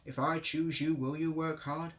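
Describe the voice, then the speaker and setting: A man's voice: on the high side, level tone, moderate pace, a bit bright, muffled recording, close to an everyday voice. Man voicing a stern, pompous railway boss. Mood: kindly. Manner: firm, commanding.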